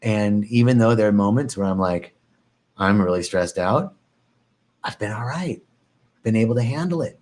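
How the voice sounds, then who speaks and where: A man giving a reflective meditation talk on a live stream, calm and repetitive, now and then lifting his voice to act out anxious thoughts. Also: lowish voice, normal speed, pauses often. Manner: calm, reflective, repeats phrases, swings into animated mock panic. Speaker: meditation teacher.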